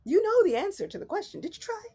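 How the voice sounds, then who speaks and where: A woman voicing a deity who gently scolds a devotee with dry, incredulous questions. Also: very high-pitched, big pitch swings, fast, voice pushed up, heavily acted.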